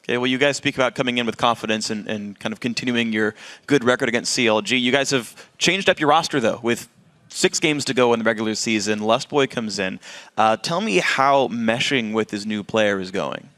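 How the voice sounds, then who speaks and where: A man's voice: medium pitch, a little fast, a bit bright. A man interviewing players after a match, asking eager, enthusiastic follow-up questions. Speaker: esports interviewer.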